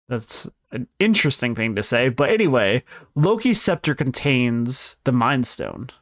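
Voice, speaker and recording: A man's voice: mid-range voice, sing-song, unhurried, no echo, clean studio sound. A young man co-hosting a casual podcast, recapping a story at length in a rambling, self-correcting way. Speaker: podcast co-host explaining films.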